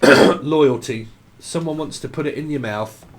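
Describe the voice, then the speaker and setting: A man's voice: mid-range voice, measured pace. A man giving a tarot reading, free-associating names and words, swearing and now and then singing snatches of songs. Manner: rambling free association, swearing, breaking into song. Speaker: tarot reader.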